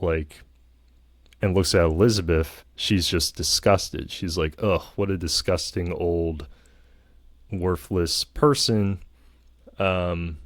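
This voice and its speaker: A man's voice: sits low, no room sound, studio quality. A man vlogging a casual film review, rambling with lots of fillers and hedges.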